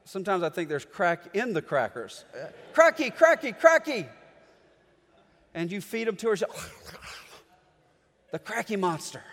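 A middle-aged pastor with a high, light voice delivers a sermon, swinging from booming declarations to near-whispered pleas. His words ring through a large church hall with a long, lingering reverb. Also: expressive, normal speed, long pauses. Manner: dramatic, swings between booming and hushed.

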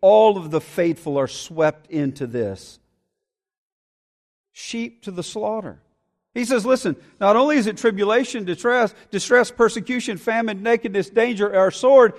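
A man with a high voice preaching a sermon in a church. He drops to hushed, low phrases, then rises to loud appeals. A long hall reverb trails each line. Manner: preaching with dramatic swings in pitch and loudness. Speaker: pastor.

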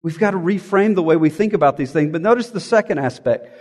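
A man's voice: fairly high pitch, animated, fast, a little mellow, long reverb tail. A man, a pastor, preaching a sermon in an earnest, emphatic way, often asking rhetorical questions.

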